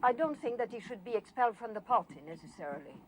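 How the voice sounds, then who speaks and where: An actress playing a calm, measured middle-aged woman, the leader's wife, in a TV drama. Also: fairly high pitch, lightly acted. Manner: measured, soothing. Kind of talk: 1980s TV drama acting. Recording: noisy film soundtrack.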